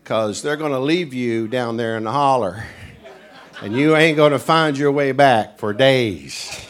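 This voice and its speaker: A man's voice: medium pitch, a little slow. A middle-aged man with an East Tennessee Southern accent, a guest preacher telling folksy stories in a sermon and acting out the characters. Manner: animated storyteller who acts out characters.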